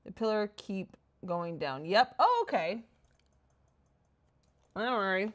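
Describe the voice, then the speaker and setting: Streamer woman, chatty and excitable, lively up-and-down voice, casual game chat. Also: mid-range voice, takes it slowly. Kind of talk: casual livestream chat while playing.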